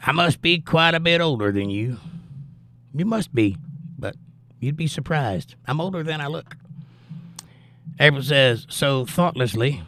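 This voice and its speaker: A man hosts an easygoing livestream, voicing viewers' comments and chatting back warmly. He speaks with a fairly high, animated voice at a measured pace, leaves long pauses, and the sound has no echo.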